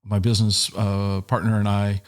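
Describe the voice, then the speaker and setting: In a lowish voice with flat delivery at normal speed, a middle-aged Washington State man hosts a casual podcast. He sits in a small office speaking into a headset and studio microphone. He rambles, jokes, and interrupts himself with restarts.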